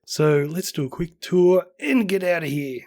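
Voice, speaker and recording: A man's voice: a little high, lively intonation, a little slow, darkish tone. A man hosting a casual game-building tour, tired and losing his voice, chatty and upbeat. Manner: chatty, upbeat, self-deprecating. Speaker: game building channel host. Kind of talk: casual gameplay tour commentary.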